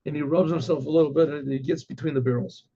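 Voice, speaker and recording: A male rabbi telling a story in a halting way, with many restarts and throat clearing. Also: a little high, fairly even intonation, warm tone, highs cut off, slight background noise.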